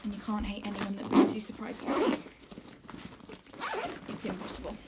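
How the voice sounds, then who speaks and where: A woman's voice: medium pitch, fairly even intonation, normal speed, heavy background noise. A woman in her twenties with a Southern English accent, chatting casually at home to a camera mic for her book vlog, rambling and laughing often, sometimes dropping to a whisper. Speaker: book vlogger. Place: at home, moving between rooms.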